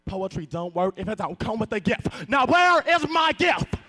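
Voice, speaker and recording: A young man voicing a sassy, demanding young woman who talks in a brisk, bossy way. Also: high-pitched, fairly even intonation, slight background noise, voice pushed down, lightly acted.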